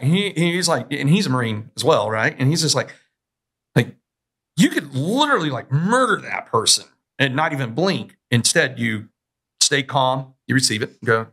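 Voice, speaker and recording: A man hosting a conversational podcast in a bright, forceful voice. He tells long stories and slips into other people's lines as he goes. His pitch sits at an ordinary male middle. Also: animated, moderate pace, husky. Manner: long anecdotes acting out other people's words. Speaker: podcast host. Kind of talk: conversational interview.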